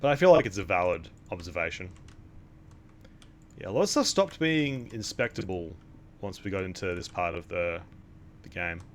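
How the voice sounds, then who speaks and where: A man's voice: low-pitched, lively intonation, normal speed, long pauses. Young guy streaming a game, wry sarcastic comments, voice jumps all over. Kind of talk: casual gameplay commentary.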